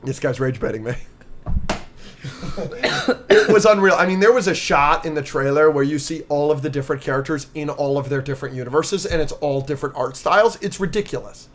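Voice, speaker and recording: A man co-hosting a podcast, recapping with excitement and lots of fillers in casual chat. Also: on the high side, fairly quick, slight background noise. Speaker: podcast co-host.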